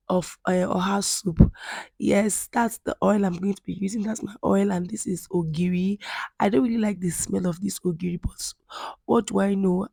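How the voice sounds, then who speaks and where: A woman's voice: mid-range voice, gravelly, warm tone, breathy edge, dry recording. A Nigerian woman vlogging casually from her home kitchen, chatty and rambling as she talks straight to viewers, her voice worn down after being ill. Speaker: cooking vlogger. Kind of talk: casual cooking vlog chat.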